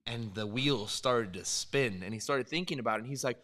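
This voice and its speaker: A man who coaches martial arts, chatting casually and telling animated stories with frequent laughs. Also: medium pitch, brisk. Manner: animated storyteller, laughs often. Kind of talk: casual watch-along chat.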